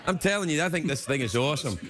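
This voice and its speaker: A man's voice: a little high, lively intonation, racing, over a noisy crowd. A man with a Scottish accent hosting a late-night show, delivering a rambling comic monologue with laughing asides. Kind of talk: comic monologue to a studio audience.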